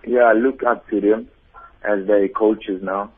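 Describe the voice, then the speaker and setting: A man's voice: lowish voice, fairly even intonation, measured pace, slightly rough. A young man, a footballer, giving short, plain answers in a phone interview. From South Africa. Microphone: telephone. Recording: tinny phone line.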